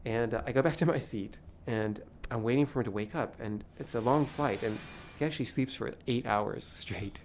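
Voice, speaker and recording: A man's voice: medium pitch, moderate pace, slight background noise. Man, comic anecdote, stammers and restarts, nervous, casual storytelling, mid-range voice. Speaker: filmmaker telling an anecdote. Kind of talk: comic first-person storytelling.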